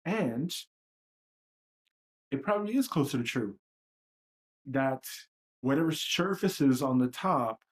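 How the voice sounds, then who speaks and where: A man's voice: medium pitch, expressive, slow pace, long pauses. Brief: male livestream host, mid-range voice, blunt, profane, reflective monologue.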